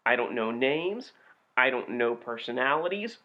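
A young man co-hosting a podcast, chatting casually with an animated, profane delivery. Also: mid-range voice, moderate pace. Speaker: podcast co-host reviewing B movies. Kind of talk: casual chat. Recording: dull lo-fi podcast recording.

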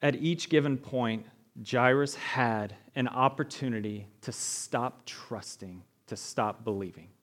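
Man preaching in a chatty, animated way. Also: mid-range voice, unhurried. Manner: conversational preaching, asks the room "right?", animated retellings. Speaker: pastor. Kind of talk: sermon.

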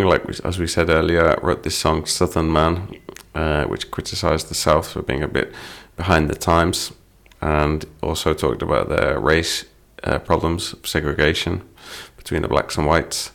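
A man's voice: rumbling low, unhurried, gravelly, a bit bright. A middle-aged man teaching English phrases through song lyrics, patient and explanatory.

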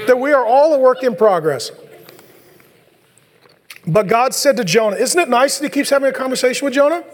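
A man preaching a sermon as a pastor, animated and joking, acting out biblical dialogue in playful voices. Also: high-pitched, slight background noise. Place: large church hall. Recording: long hall reverb.

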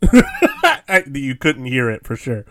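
A man's voice: mid-range voice, wildly swooping pitch, slow, noisy background. Rambling man chatting about films. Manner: rambling, with many fillers and restarts, laughs often. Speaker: podcast co-host. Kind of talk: casual film discussion.

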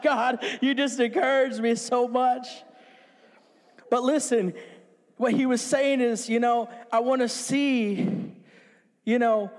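A man preaching an energetic sermon in a small church, bouncing around and calling on the congregation to repeat after him. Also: very high-pitched, long reverb tail. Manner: energetic, jumping about; call-and-response with congregation. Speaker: pastor. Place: small church with few people.

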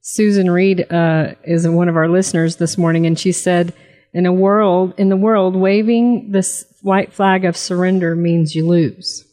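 A woman's voice: lowish voice, fairly even intonation, a little slow, mellow. A woman co-hosting a Christian radio talk show, affirming her partner and reading a listener's note aloud. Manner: affirming, adds short agreeing remarks and reads a listener's note. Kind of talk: casual faith talk on radio.

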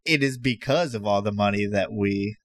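A man's voice: on the low side, normal speed, dry recording. A man co-hosting a casual podcast, earnest and a bit rambling.

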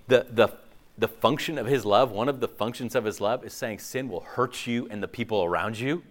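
Male pastor, mid-pitched, conversational sermon with animated asides and frequent check-ins. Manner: conversational, animated, acts out imagined listeners' reactions; frequent "okay?" and "like" fillers.

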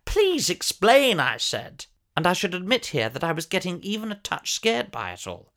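A man's voice: high-pitched, wildly swooping pitch, moderate pace, fairly bright tone, exaggerated voice. Guy putting on a pompous old actor, fussy and over the top, voice swoops up and down a lot. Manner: theatrical, fussy, over-elaborate storytelling. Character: pompous elderly male former soap actor, grandiose. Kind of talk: comic character monologue.

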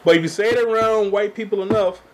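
A man's voice: high-pitched, fairly even intonation, fast talker, a little hiss or hum. A man co-hosting a podcast in casual chat, blunt, emphatic and opinionated. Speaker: podcast co-host.

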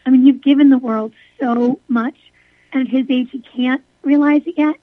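Woman interviewer, high voice, earnest, dry tinny phone line. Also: fairly even intonation, normal speed, no room sound. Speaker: interviewer host. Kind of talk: interview questions and reflections.

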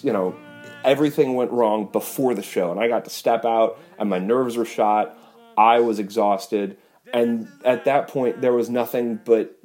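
A man's voice: mid-range voice, darkish tone. A man, a touring fiddle player, animatedly retelling a story with lots of fillers. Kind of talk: casual storytelling.

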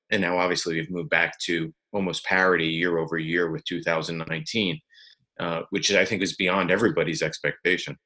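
A male host with a very deep voice asks a long, careful question. He sets out the numbers first in a measured tone, then gets to the question. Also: a bit bright. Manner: measured, lays out figures before asking. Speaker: interview host.

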